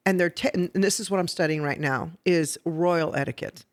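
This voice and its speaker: A woman hosting a podcast who teaches etiquette step by step, checking in with "okay?" and getting lively and laughing when she tells stories. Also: lowish voice, normal speed. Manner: instructive, explains step by step with "okay?" and "right?". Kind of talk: casual podcast chat. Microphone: podcast microphone.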